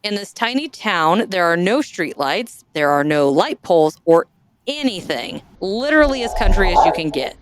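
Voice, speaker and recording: A woman's voice: fairly low pitch, very animated, normal speed, a little hiss or hum. A woman hosting a podcast in casual chat, reading listener stories aloud, jokey and self-deprecating, often trailing off and restarting. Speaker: podcast host.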